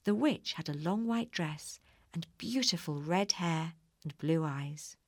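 A woman narrating a children's storybook in a calm, clear way. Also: deep voice, a little slow, dry recording, clean studio sound. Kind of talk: storybook reading.

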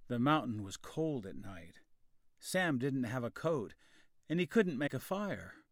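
A man reading a children's story aloud, slow, clear and expressive. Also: medium pitch, no echo, clean studio sound. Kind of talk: storybook narration.

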